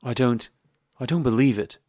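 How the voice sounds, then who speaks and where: A man's voice: mid-range voice, normal speed, a little mellow, dry recording, pitched above the performer's own voice, natural voice. A male reader doing an anxious, pleading wife from a classic novel, storybook reading, dry close sound. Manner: pleading, emotional. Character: distressed loyal middle-aged wife.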